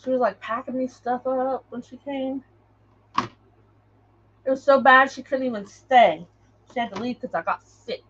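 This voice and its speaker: A woman's voice: sits high, moderate pace, pauses often, a bit bright, highs cut off, a little hiss or hum. A woman hosting a craft livestream, chatting in a rambling way and greeting viewers by name as she works. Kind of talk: casual live chat while crafting.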